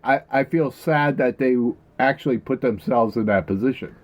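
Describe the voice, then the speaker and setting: A man's voice: mid-range voice, normal speed. A man co-hosting a podcast in casual chat, giggling often and asking sheepish questions. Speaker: podcast co-host.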